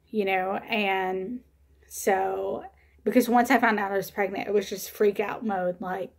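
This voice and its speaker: A young woman chatting to her camera in a casual vlog. Her storytelling is loose and rambling, full of "like" and "you know" and soft laughs. She speaks at an ordinary pitch. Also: fairly even intonation, unhurried, vocal fry. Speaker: vlogger.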